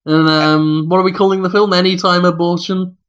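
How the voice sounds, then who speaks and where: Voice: medium pitch, fairly even intonation, fairly quick, clear, resonant tone, dull audio. A podcast co-host giving wry, short reactions in a casual chat.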